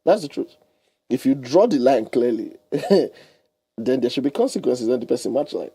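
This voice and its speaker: A husky man speaks quickly, his pitch swinging up and down as he counsels on air. He leans on homely examples and a ready laugh, and the studio sound is close and dry. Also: no room sound. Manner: animated, explains with homely examples and laughs often. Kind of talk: radio talk show advice. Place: radio studio.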